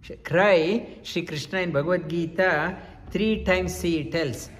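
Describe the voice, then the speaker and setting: A man's voice: high voice, a little slow, a bit bright, long reverb tail. A man teaching a scripture lecture, repeating key phrases with emphasis and weaving in Sanskrit terms. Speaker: spiritual teacher.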